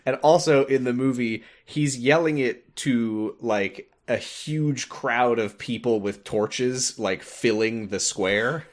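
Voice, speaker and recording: A man's voice: mid-range voice, takes it slowly, hardly any pauses. A man hosting a podcast, recapping a video game in casual chat, rambling with many fillers and frequent laughs. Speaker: podcast host.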